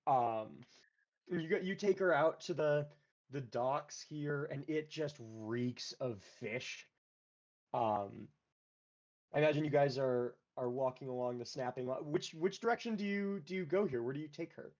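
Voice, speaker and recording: A man's voice: on the high side, unhurried, a little mellow, dull audio. A man narrating as game master, rambling and filling his talk with "like" and "um". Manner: rambling, full of "like" and "um".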